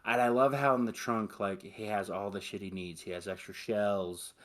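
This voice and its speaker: Excited, profane man with a low voice. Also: moderate pace. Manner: excited, profane, quotes movie lines in put-on voices. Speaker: podcast host. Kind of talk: casual movie chat.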